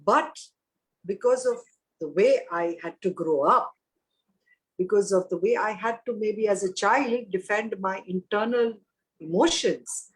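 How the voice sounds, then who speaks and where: A woman's voice: medium pitch, measured pace, poor audio. A woman in her fifties as an interview guest, speaking frankly and reflectively and repeating phrases for emphasis. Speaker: guest, actor and mother. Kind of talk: candid interview conversation.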